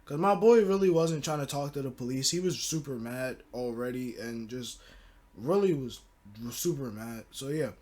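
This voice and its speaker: A man's voice: medium pitch, normal speed, darkish tone. Slangy young guy telling a story. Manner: loose slang-filled talk with many fillers. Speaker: storytelling channel host. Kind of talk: casual story time narration.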